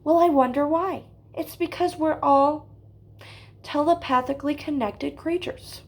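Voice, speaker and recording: Slow, high-voiced woman lecturing. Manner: drawn-out phrases, keeps tagging "okay?". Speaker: mock spiritual teacher. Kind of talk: deadpan parody self-help lecture.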